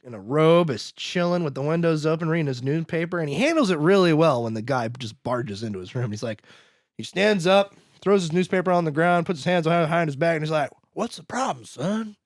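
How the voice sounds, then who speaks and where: A man's voice: a little high, dry recording, clean studio sound. A man co-hosting a podcast, casually recapping a film and acting out the characters' lines, laughing as he goes. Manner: animated, acts out characters' lines in quick voices; laughs often, trails off and restarts. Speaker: podcast co-host.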